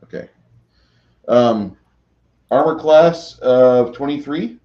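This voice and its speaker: A man's voice: medium pitch, slow. Game master, male, easygoing and jokey, dull lo-fi home recording. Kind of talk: running a tabletop game.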